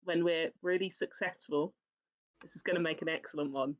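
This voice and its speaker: A woman's voice: low voice, steady tone, fairly quick. A woman playing a tabletop game, chatting casually in a breezy, joking way. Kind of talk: casual chat.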